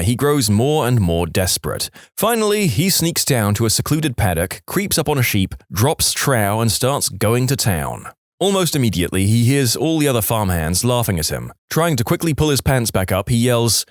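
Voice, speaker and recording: A man hosting a podcast, reading jokes aloud in a deadpan way. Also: medium pitch, normal speed, dry recording, clean studio sound. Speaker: podcast host.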